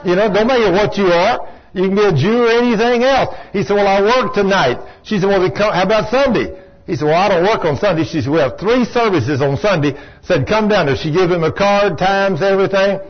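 High-voiced fervent male preacher. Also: brisk. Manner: folksy, rising to fervent shouts when quoting. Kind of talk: sermon storytelling. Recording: dull lo-fi sermon recording.

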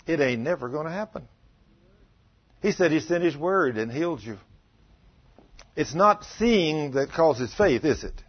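Husky-voiced man preaching a sermon. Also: a little high, lively intonation, unhurried, long pauses. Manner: dramatic storytelling with acted quotes and questions to the congregation. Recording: dull lo-fi sound.

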